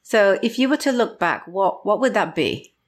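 A woman's voice: mid-range voice, big pitch swings, normal speed. Woman interviewer with rambling questions. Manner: rambling, repeated restarts when asking questions. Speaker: interviewer host. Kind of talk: conversational interview.

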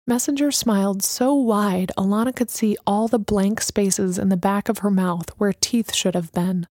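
In a studio-quality recording with no room sound, a woman narrates an audiobook. Her mid-range voice keeps a steady, measured pace.

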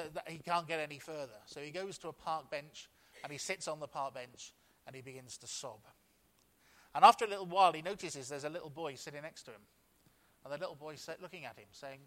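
A man's voice: medium pitch, a little fast, fairly bright tone. Man preaching a story-led sermon. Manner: storytelling with frequent restarts. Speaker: pastor. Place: church.

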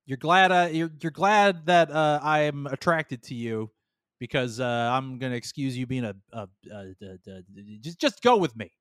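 A man's voice: medium pitch, normal speed, a bit bright, clean tone, no room sound, studio quality, natural voice. A man voicing an impatient, bossy woman leader who talks bluntly and swears, in a casual podcast recap.

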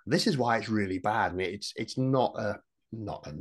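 A man talking as a podcast guest in casual chat, animated, often restarting his sentences. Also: on the low side, normal speed. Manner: animated, restarts a lot, acts out quoted voices.

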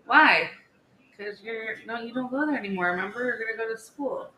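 A woman in her thirties, co-hosting a podcast in casual chat, telling stories in a chatty, animated way with many "like"s. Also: a little high, fast. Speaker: podcast co-host. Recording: echoey room with faint background hiss.

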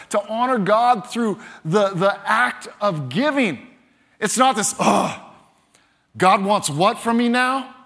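High-voiced man preaching a lively sermon. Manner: animated preaching, acts out quoted voices. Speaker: pastor.

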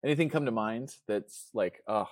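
A man's voice: fairly low pitch, normal speed, no room sound, studio quality. A man hosting a casual interview, easygoing and rambling, often searching for words mid-sentence. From Chicago. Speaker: podcast host.

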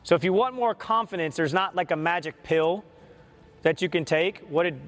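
Against a noisy background, a man with a high voice speaks at a moderate pace. He's a basketball skills coach telling stories in an interview conversation, giving the people he quotes lively voices.

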